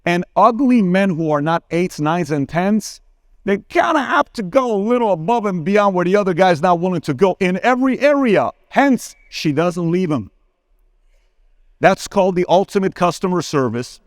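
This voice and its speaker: Brief: man in his 40s, conference speaker, animated storyteller, close and dry sound. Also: moderate pace, no room sound. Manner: animated, acts out dialogue with sudden pitch jumps; addresses crowd directly, asks for a show of hands. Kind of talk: live Q&A on stage, storytelling. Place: conference hall stage.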